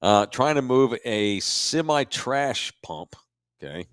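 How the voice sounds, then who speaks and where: A man's voice: mid-range voice, big pitch swings, slow pace, fairly bright tone, smooth, dry recording, studio quality. A middle-aged man, co-hosting a podcast in laid-back, rambling casual chat. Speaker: podcast co-host.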